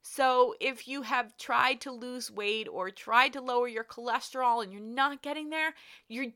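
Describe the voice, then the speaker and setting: A middle-aged woman, a health coach hosting her own podcast, telling candid stories in a casual, animated way and acting out what she said. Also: fairly high pitch, moderate pace. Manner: candid, animated storytelling with quoted asides. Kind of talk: casual solo podcast monologue.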